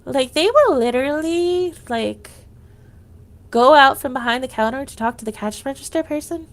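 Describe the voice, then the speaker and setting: A woman with a high-pitched voice talks casually on a livestream. She vents in a rambling way, restarting sentences and leaning on "like" as she goes. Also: lively intonation, moderate pace. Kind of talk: casual venting monologue.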